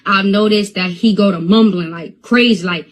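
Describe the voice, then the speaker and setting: A woman's voice: mid-range voice, normal speed, poor audio. A young woman on a phone live stream, talking in an agitated rant that stammers and repeats itself.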